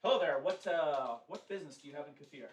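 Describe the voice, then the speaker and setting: A man's voice: a little high, animated, fast talker, fairly bright tone. Male GM voicing a stiff elven guard, formal and clipped, in a roomy tabletop game recording. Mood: commanding. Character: ornate gold-armored male elven soldier, stern. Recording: roomy echo, distant mic, background noise.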